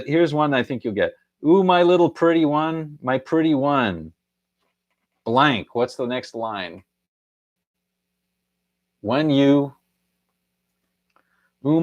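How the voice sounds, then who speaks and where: A man's voice: medium pitch, dull audio. A middle-aged man hosting a casual live stream, chuckling often and half-singing song lines as he reads out viewer answers.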